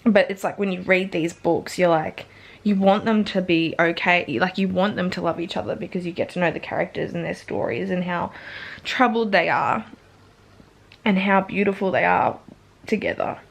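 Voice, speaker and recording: A woman's voice: on the low side, normal speed, gravelly. Chatty young woman vlogger. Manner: chatty, fills speech with "like", swears freely. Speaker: book vlogger. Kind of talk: casual vlog chat about a book.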